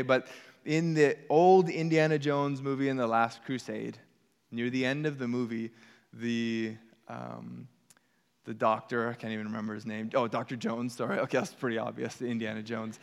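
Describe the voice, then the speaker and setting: A pastor with a medium-pitched voice preaches a sermon, his words trailing into a long reverb tail. He's earnest and conversational, tossing casual asides to the congregation.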